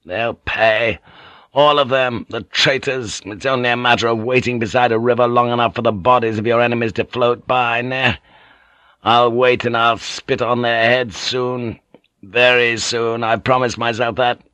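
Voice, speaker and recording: A man's voice: medium pitch, little pitch movement, normal speed, sharp tone, clean tone, no echo, lightly acted. A man reading an audiobook, voicing a ferocious, bitter middle-aged samurai lord with a menacing, clipped manner. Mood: brooding, menacing.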